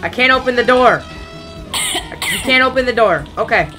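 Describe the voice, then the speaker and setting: A gaming creator playing a horror game, reading the on-screen text aloud and joking back at it, sometimes yelling playfully in tense moments. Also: medium pitch, normal speed, over music.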